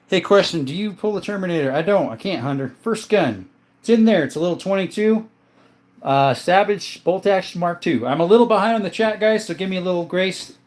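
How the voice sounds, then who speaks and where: Man casually answering livestream chat. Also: sits high. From southern Arizona. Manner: relaxed, answers viewer questions one by one. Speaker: gun channel host reading live chat. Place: indoor room full of guns.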